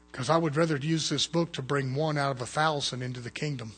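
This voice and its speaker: A man preaching a fervent sermon as pastor, swinging between loud urgent calls and hushed low asides. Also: quick pace, slightly rough.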